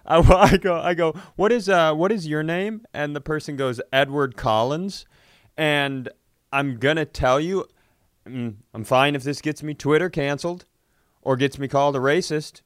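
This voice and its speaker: Clear-voiced man telling a story. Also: on the high side, moderate pace, dry recording, studio quality. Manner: animated, acts out phone voices, laughs mid-story. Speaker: comedy podcast host. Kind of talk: casual storytelling.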